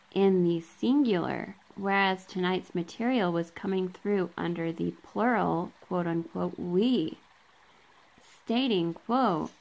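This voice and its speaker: Holding the camera herself, a female vlogger with a low, gravelly voice reads sections of a book to her audience. She flags every quote and end quote, drops in casual asides with frequent ums, and the recording quality is low.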